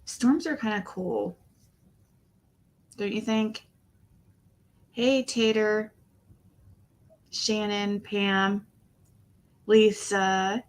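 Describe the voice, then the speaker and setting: A woman's voice: medium pitch, fairly even intonation, very slow, long pauses. A woman hosting a casual livestream, greeting viewers and talking in a rambling way, often trailing off and restarting her sentences. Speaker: livestream host.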